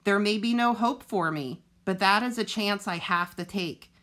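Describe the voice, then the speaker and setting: Woman doing storybook robot lady, earnest, measured, plain-spoken, mid pitch. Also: fairly bright tone, close to an everyday voice. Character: gentle female robot, calm and earnest. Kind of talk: reading a children's novel aloud.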